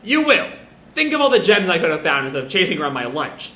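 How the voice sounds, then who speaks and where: A brash, boastful young hawk who leads a gang of rogues barks orders in a loud, bossy way, as a man puts him on. The voice sits a little high and sounds bright. The recording has a roomy echo. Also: big pitch swings, fast.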